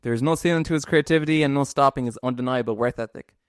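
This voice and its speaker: A man's voice: mid-range voice, quick pace, clear, resonant tone, no room sound, studio quality. A man with an Irish accent hosting a casual podcast interview, chatty and slangy, with plenty of fillers. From Ireland. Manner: laid-back, slangy, chatty with lots of fillers. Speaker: podcast host.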